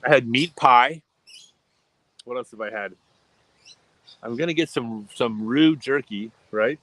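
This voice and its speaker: Chatty man, bright voice. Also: mid-range voice, unhurried, poor audio. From United States. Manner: rambling, chatty, restarts sentences often. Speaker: livestream host. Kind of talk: casual livestream chat.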